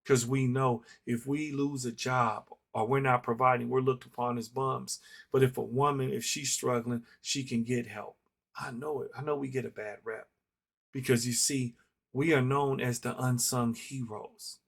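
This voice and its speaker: A man's voice: mid-range voice, fairly even intonation, moderate pace, vocal fry. A middle-aged man giving an earnest, reflective personal monologue, telling a story with heavy repetition for emphasis. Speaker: vlogger. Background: faint instrumental music.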